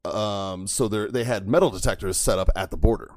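A man's voice: on the low side, a little fast, dry recording. A middle-aged man, a podcast host, telling a story in casual chat with friends, swearing freely and laughing through it. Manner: profane, laughing, animated storyteller.

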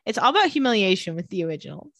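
Woman co-host, mid-pitched, slangy casual recap, dry close-miked sound. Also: sing-song, very fast, fairly bright tone, no echo. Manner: playful, slangy, retells scenes quoting characters. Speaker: podcast co-host recapping a TV episode. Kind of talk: casual chat.

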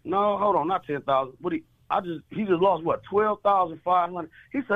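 A man's voice: moderate pace, hardly any pauses, phone-quality sound. A man calling in to a radio show and telling a long joke, acting out each character in the story. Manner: animated, plays each character with pitch jumps.

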